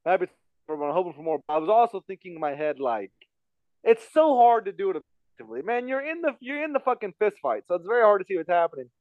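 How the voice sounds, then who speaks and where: Fast-talking high-voiced man telling a story. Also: very animated, no echo, narrow, tinny audio. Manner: rambling, repeats himself, frequent fillers. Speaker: podcast guest telling a story. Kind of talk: casual storytelling chat.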